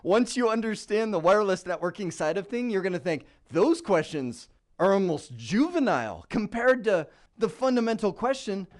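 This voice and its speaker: A man teaching a video lesson in a playful, animated way, acting out little voices as he explains. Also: sits high, moderate pace. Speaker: instructor.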